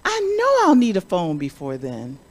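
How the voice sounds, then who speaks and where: A woman's voice: lowish voice, wildly swooping pitch, moderate pace, darkish tone. A woman voicing a young girl who keeps begging her mother for a phone, in a whiny, insistent way. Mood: pleading.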